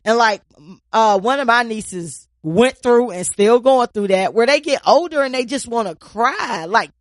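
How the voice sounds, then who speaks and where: A woman co-hosting a podcast in casual chat, telling stories in an animated way and swearing freely. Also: on the high side, a little slow, no room sound, studio quality. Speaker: podcast co-host.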